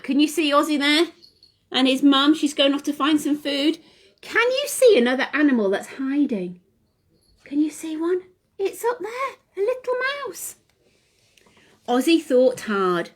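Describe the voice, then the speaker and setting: A woman leading a children's session, reading a picture book aloud in an animated, sing-song way and asking the children questions. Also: high voice, a little slow. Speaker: children's class leader. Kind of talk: reading a story to young children.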